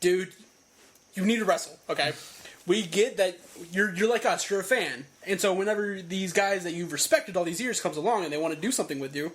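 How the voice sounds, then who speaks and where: Man, high voice, animated, laughing a lot, casual podcast chat. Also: fairly quick. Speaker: podcast co-host.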